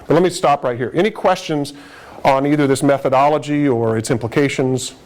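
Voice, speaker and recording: A man's voice: mid-range voice, fairly quick, a little mellow, a little hiss or hum. A man giving a conversational live lecture to paramedics, stressing key points with frequent restarts. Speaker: emergency medicine lecturer.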